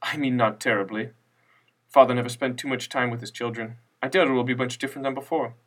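A man's voice: medium pitch, fairly even intonation, quick pace, natural voice. A man reading a story, voicing an aloof middle-aged son of a wealthy family who speaks in a detached, dismissive way. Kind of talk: audiobook character voice. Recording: distant mic with faint music.

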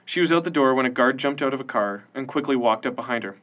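A man narrating a science-fiction audiobook in an even, measured storytelling manner. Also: mid-range voice.

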